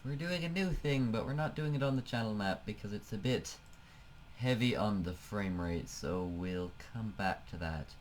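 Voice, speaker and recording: A man with a fairly low voice talks casually through a flight-sim game, musing aloud and letting sentences trail off. He sounds like a desk-mic home recording with a faint hum behind him. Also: normal speed. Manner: chatty, thinking aloud, trailing off. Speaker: let's play host. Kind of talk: casual gameplay commentary.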